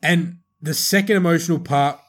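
A man co-hosting a film podcast, talking in an animated, rambling way with strong emphasis. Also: on the high side, normal speed. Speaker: podcast co-host, film reviewer. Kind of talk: casual chat.

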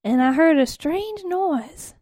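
Woman co-host, high-pitched, goofy tall-tale improv, dry close mic. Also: animated, a little mellow, no echo. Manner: goofy tall-tale telling, drawn-out words, giggling. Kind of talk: improvised comedy storytelling.

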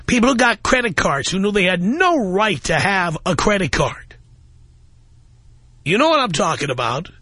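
High, bright-voiced angry radio host. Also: male voice, very animated, moderate pace, no echo. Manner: angry, emphatic ranting. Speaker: radio talk show host. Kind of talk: talk radio monologue. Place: radio studio.

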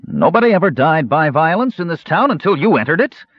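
A man reading an audiobook, voicing an agitated male lord who makes shrill, loud demands. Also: very animated, fairly quick, no echo. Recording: slightly muffled dry recording.

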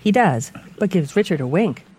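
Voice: mid-range voice, moderate pace, a little hiss or hum. Audio describer narrating film action. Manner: plain, even, present-tense description.

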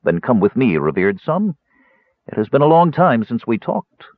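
A man voicing a smooth, mild-mannered elven high priest who is quietly menacing, on a tinny, dry recording. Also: sing-song, normal speed, no room sound. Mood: silky.

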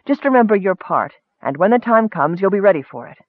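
A calm, reserved elf wizard, voiced by a male narrator. He speaks in a measured, dry way. The sound is thin and phone-like, with no room around it. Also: high voice, no echo, voice pushed up.

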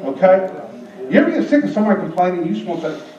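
A male pastor delivers a lively, joking sermon, gasping for effect and slipping into acted voices. His voice sits high, heard from a distant mic in an echoey church with a dull, muffled tone. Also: rapid-fire, a crowd in the background. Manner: animated, gasping, comic preaching with acted-out voices.

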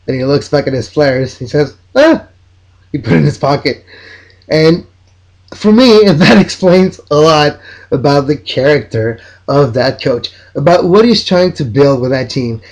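Excited soccer podcaster. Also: male voice, on the high side, normal speed. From Mexico. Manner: enthusiastic, opinionated, rambling. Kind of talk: solo podcast commentary.

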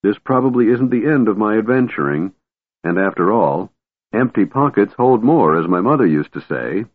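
A man voicing a small, curious male kender who is childlike, chatty and shrill, in an audiobook. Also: expressive, normal speed, dry recording. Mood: wistful. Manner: eager, wide-eyed questioning. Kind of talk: audiobook character voice. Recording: narrow phone-like audio.

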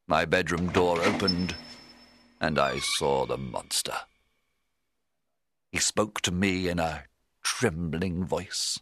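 A man narrating a storybook in the first person, in a measured, dramatic way that rises at tense moments. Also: deep voice, a bit bright, no room sound, studio quality. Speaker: audiobook narrator.

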